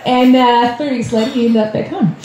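A woman's voice: on the high side, brisk, warm tone. A woman from Australia doing a nervous, self-deprecating stand-up set, chatty and full of ums. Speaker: stand-up comedian. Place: comedy club stage. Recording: roomy club with faint crowd noise.

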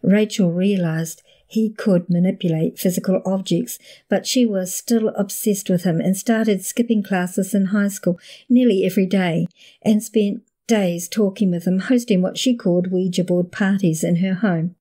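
A woman host narrating a documentary-style story in a measured, scripted delivery. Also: mid-range voice, steady tone, dark tone.

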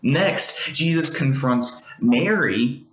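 A man's voice: medium pitch, expressive, extremely slow. A man giving a devotional as a pastor, speaking in an earnest, conversational way and explaining with everyday examples. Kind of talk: devotional teaching. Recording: roomy echo.

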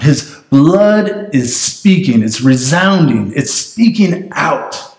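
A man's voice: mid-range voice, very animated, slow, darkish tone. A man preaching a conversational sermon as pastor, often checking in with the congregation. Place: church sanctuary. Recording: roomy church sanctuary.

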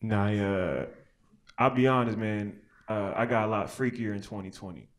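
A young American man with a lowish voice does stand-up at a moderate pace in a small outdoor alley with an audience. He's loose and slangy, riffing on the people there and laughing at his own material.

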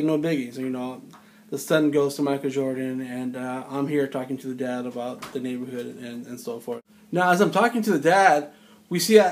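A man in his forties tells a rambling, incredulous story about his time doing security on film sets, speaking casually as if in conversation. His voice is medium in pitch, with slight background noise in the recording.

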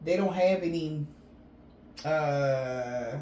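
A woman's voice: sits low, drawn-out words, mellow, a little hiss or hum. Blunt, rambling woman giving a reading. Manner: rambling, blunt, swears freely. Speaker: tarot reader. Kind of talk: casual spiritual reading.

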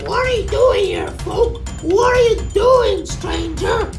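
A shrieking parrot-like stranger. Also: male voice, very high voice, takes it slowly, music in the background, pitched above the performer's own voice, exaggerated voice. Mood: suspicious. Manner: shrieking, wildly swooping. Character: shrill suspicious stranger, squawking like a parrot.

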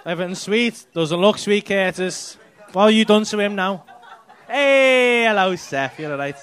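Bright-voiced male comic teasing the crowd from a club stage, high and cheeky, faint audience behind him. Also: moderate pace, clean tone. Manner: cheeky, teasing, swears a lot. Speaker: stand-up comedian. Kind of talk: crowd work banter.

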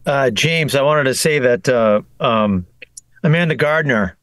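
A man's voice: medium pitch, expressive, unhurried, a bit bright, no room sound. A man, a voice actor and audiobook narrator, chatting casually on a video call panel with many fillers and restarts.

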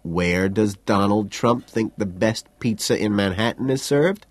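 A man voicing a smug, petty young male Wall Street banker who needles in a low, husky voice. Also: a little slow, dry recording. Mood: smug, needling.

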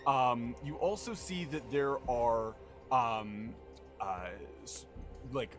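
A man's voice: mid-range voice, animated, slow pace. Guy running a d&d stream, lots of ums, music playing behind. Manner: rambling, full of fillers, laughs often. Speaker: game master. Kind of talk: narrating a tabletop game on a live stream.

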